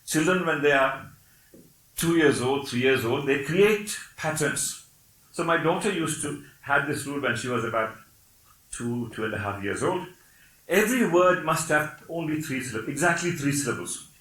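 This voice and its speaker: Older Malayali-accented man lecturing brightly. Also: a little high, expressive, moderate pace, reverberant, rough recording. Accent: Malayali English. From Kerala, India. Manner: explanatory, with frequent "Okay?" checks and wry laughs. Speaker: professor giving a lecture.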